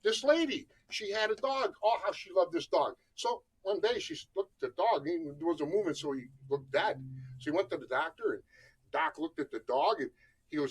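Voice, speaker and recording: A brash, boisterous man, hosting a small cable talk show. His voice sits a little high for a man, and he pushes every line out like a showman working the room. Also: lively intonation, normal speed, breathy edge, low-quality recording. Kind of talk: loud showman chat with jokes.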